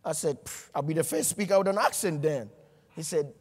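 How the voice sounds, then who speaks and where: A middle-aged motivational speaker, his voice sitting fairly high for a man. He tells funny stories and acts out both sides of each conversation. His words ring out with a long reverb, as in a large event hall. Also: a little fast, darkish tone. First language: not English. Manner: storytelling with acted dialogue, humorous. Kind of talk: motivational keynote speech.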